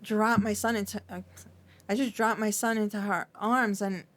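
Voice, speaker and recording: Middle-aged woman, podcast guest, mid-pitched, trembling voice, halting and full of restarts. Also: fairly even intonation. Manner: halting, repeats and restarts often, fillers like "like". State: shaky, trembling. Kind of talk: emotional interview recollection.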